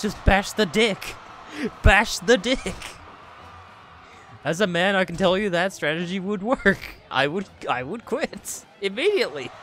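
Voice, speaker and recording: Over faint background music, a man calls a wrestling game on a live stream, his voice bright, sharp and a touch high. He laughs and swears often, going from loud yelling to quiet muttering.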